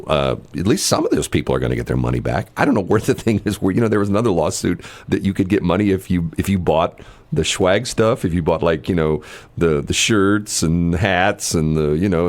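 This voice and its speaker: A man's voice: deep voice, animated, brisk, darkish tone, dry recording. A man hosting a morning radio show, telling rambling stories with jokey asides in casual chat. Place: radio studio. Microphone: studio microphone.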